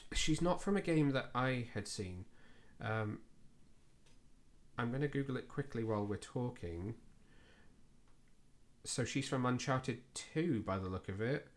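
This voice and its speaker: A man's voice: mid-range voice, animated, measured pace, pauses often. Chatty man hosting a podcast. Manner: chatty, self-deprecating, with frequent fillers. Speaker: podcast host. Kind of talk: casual film review chat.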